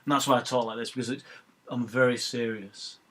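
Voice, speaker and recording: A man putting on the voice of a pompous, self-important male football pundit who talks slowly and solemnly. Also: medium pitch, flat delivery, a bit bright, natural voice. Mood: mock-solemn.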